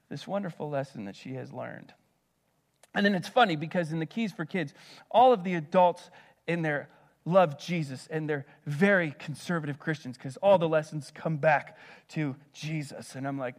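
A middle-aged male pastor delivering a sermon in a fairly high-pitched voice. He preaches with animated, emphatic bursts and then falls back to quiet, conversational asides. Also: normal speed. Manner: animated preaching, swings from loud emphatic peaks to soft asides.

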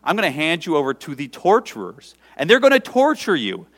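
Guy doing a stern king, low commanding voice, lots of pitch swings, echoey hall. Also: huge pitch swings, a little fast, a bit bright, full character voice. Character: stern powerful male king, demanding and then merciful.

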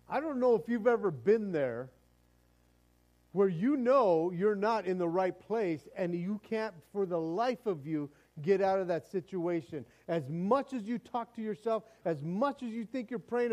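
A man's voice: high voice, lively intonation, normal speed, a little mellow, low-quality recording. A man preaching a sermon in a conversational way, often stumbling and restarting his words. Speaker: pastor.

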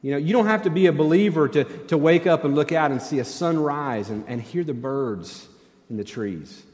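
A man's voice: on the high side, normal speed, a little mellow. A middle-aged male pastor preaching a sermon in a church sanctuary, conversational and wry, with self-deprecating humor. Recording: long church hall reverb.

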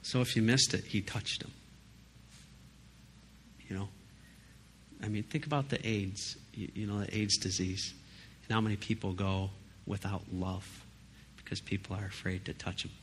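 A man preaching in a relaxed, conversational way, leaning on emphasis and quick asides. His voice sits fairly low. Faint background noise hums under the recording. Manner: conversational, emphatic, frequent "you know" and "right?". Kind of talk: casual sermon.

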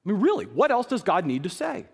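A man preaching a sermon as pastor, emphatic and animated, repeating phrases for stress. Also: high voice, fast, creaky, husky.

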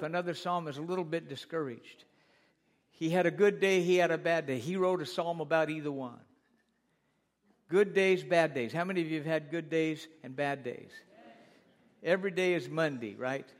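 A man preaching a sermon in church, repeating phrases for emphasis and calling on the congregation to answer him. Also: a little high. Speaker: pastor.

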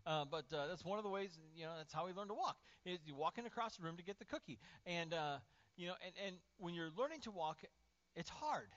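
A male pastor preaching a lively sermon, swinging from loud, acted-out outbursts to near-whispers. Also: high voice, a little fast. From Indiana, USA. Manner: animated, acts out voices and swings from shouting to near-whisper. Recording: dull lo-fi sermon audio.

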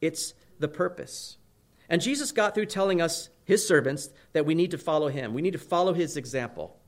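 A man's voice: a little high, normal speed. A man preaching a sermon in a conversational way, often asking his listeners "right?" as he explains Scripture. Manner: conversational preaching, frequent "right?" tag questions. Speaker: pastor.

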